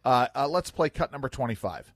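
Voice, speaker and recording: A man's voice: medium pitch, expressive, brisk, dry recording. A man hosting a morning talk radio show in a studio, chatting casually with many fillers and restarts.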